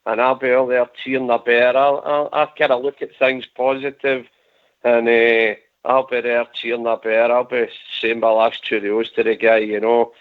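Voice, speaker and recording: A man's voice: mid-range voice, little pitch movement, normal speed, no room sound. Scottish man hosting over a phone line. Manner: earnest, rambling, repeats phrases. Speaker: host of a fan radio phone-in. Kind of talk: casual fan radio chat. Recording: dry tinny phone-line audio.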